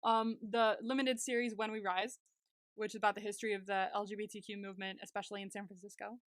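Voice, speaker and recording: Talking fast with a flat, medium-pitched delivery, a young woman co-hosts a podcast and gushes over a TV episode recap, using "like" heavily. The studio-quality sound has no echo.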